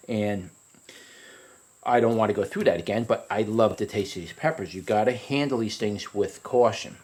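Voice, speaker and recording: This is a laid-back, meandering hot pepper review from a man who often backs up to restart what he's saying. Retelling an anecdote pushes his voice upward.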